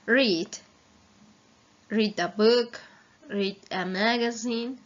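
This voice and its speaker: Slow, patient woman drilling vocabulary. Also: mid-range voice, a bit bright. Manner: slow, repeats each word, gives Spanish translations. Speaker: English teacher. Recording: slightly dull lo-fi recording.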